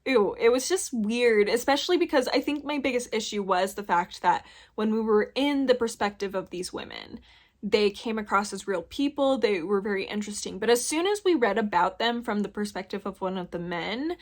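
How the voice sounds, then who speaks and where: A young woman chats through her thoughts on a book she has read. She rambles frankly and leans on filler words, and her voice sits at an average pitch. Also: lively intonation, normal speed. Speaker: book reviewer. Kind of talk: casual book review chat.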